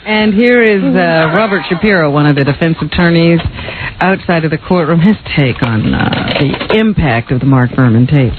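A wry, teasing radio co-host whose lively voice rises and falls. The sound is thin and phone-like, with clear hiss and clicks underneath. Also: medium pitch. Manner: wry, teasing, quick to laugh. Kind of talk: casual radio banter.

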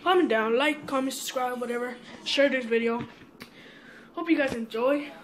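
A woman vlogging casually, speaking straight to her viewers in an excitable way and swearing often. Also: sits high, normal speed, slight background noise. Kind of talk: casual mail-opening vlog.

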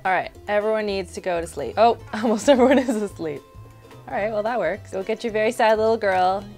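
A young woman commentating her own gameplay, bubbly and chatty, who keeps coaxing and scolding the characters on screen. Her pitch sits squarely in the middle for a woman. Soft music runs faintly under her voice. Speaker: gaming channel host. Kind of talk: let's-play commentary.

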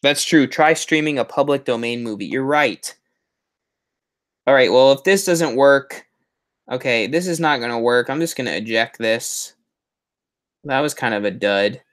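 Guy hosting a live stream, rambly and chatty, pokes fun at himself, middle-pitched voice. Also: moderate pace, long pauses, a bit bright. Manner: rambling and chatty, with self-mocking asides. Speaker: host of a Halloween prop channel live stream. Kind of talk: casual live-stream chat.

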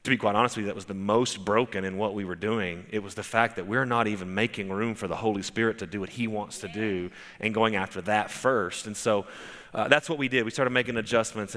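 A man's voice: fairly low pitch, steady tone, fairly quick, a bit bright, in a large hall. A man preaching a sermon as pastor, telling stories conversationally with frequent restarts. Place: church sanctuary.

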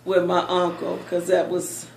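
A woman recounting childhood memories in a lively storytelling manner, often laughing as she remembers. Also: on the low side, a little slow, gravelly, roomy sound, slight background noise. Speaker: interviewee recalling childhood. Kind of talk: oral history storytelling.

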